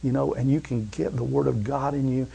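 A man preaching a sermon who tells stories and often calls out amen, swinging between loud fervor and hushed softness. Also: medium pitch, fairly even intonation, brisk, gravelly, slightly rough. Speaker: pastor.

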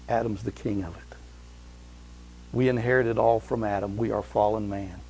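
A man preaching a sermon, retelling stories with animated swings from loud emphasis to hushed, quiet passages. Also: on the low side, moderate pace, breathy edge, rough recording.

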